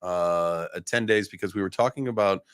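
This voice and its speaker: A man's voice: deep voice, brisk, clean tone, dry recording, clean studio sound. A man hosting a casual crypto livestream, talking loosely with restarts and the odd curse. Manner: loose, swearing, rambling with restarts. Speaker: livestream host.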